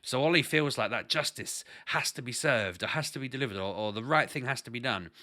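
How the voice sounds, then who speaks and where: Man, parent vlogger, casual chat, bright voice, rambling with restarts. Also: medium pitch, a little fast. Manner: earnest, rambling, with frequent restarts.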